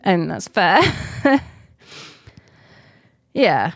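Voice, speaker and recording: A woman's voice: on the low side, big pitch swings, very slow, vocal fry, no room sound. A woman in her forties chatting casually to viewers on a live stream, rambling and laughing often. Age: 40s.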